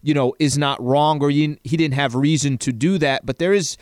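Radio co-host guy, smooth clear voice, calm back-and-forth, dry studio. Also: a little high, moderate pace, no echo. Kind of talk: sports radio talk.

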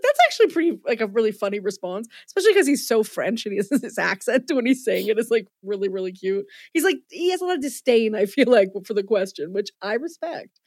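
A woman hosting a podcast, chatting casually with quick asides and self-deprecating jokes. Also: fairly high pitch, sing-song, darkish tone, no echo, studio quality. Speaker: podcast host.

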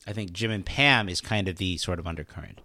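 A man's voice: sits low, fast, sharp tone, no echo. A man co-hosting a podcast in casual chat, retelling TV scenes with quoted lines. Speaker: podcast co-host.

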